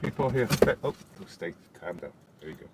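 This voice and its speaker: A Welsh man with a lowish, sing-song voice talks briskly on a casual live stream from his phone, and the audio is very noisy. He rambles about the news and breaks off between points to talk to his dog.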